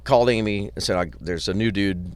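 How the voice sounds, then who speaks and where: A man's voice: lowish voice, fairly quick, smooth. A middle-aged man, a record producer, casually telling long anecdotes with lots of swearing and acted-out quotes. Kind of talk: casual storytelling. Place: hotel parking lot.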